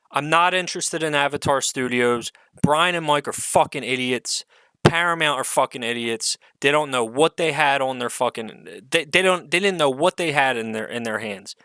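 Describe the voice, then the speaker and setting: A man's voice: medium pitch, pushed and bright, no echo, rough recording. A man giving an unscripted solo rant as an online commentator, profane, exasperated and sarcastic, swearing often amid fillers.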